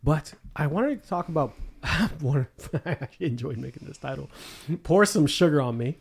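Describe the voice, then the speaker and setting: A man's voice: on the high side, expressive, moderate pace, creaky, slightly rough. A man hosting a podcast in casual chat, crude and full of swearing and laughter. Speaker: podcast host.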